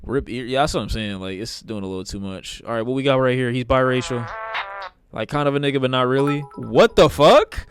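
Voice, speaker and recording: A man's voice: medium pitch, fairly even intonation, fast, clear, resonant tone, faint music behind. A man streaming live, reacting to videos with blunt, profane, rambling commentary in a casual way.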